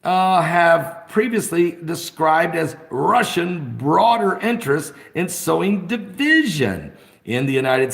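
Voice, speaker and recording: A man hosting an off-the-cuff live broadcast from his phone, rambling and excitable, bursting into shouts. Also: high voice, creaky, reverberant. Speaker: host of an online live broadcast.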